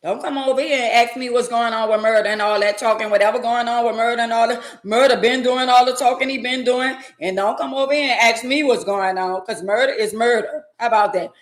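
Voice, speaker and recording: A woman's voice: fairly high pitch, steady tone, a little fast, few pauses, roomy sound. Blunt woman talking back to chat. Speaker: live-stream host. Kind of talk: casual live-stream commentary.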